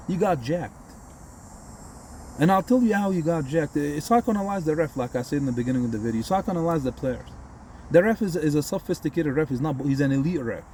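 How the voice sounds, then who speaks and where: A man from Egypt tears into a post-game breakdown with combative, profane heat. His voice sits a little high yet stays warm and mellow. Faint outdoor night sounds of crickets and passing cars hum behind him. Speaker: sports vlogger. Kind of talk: heated post-game rant.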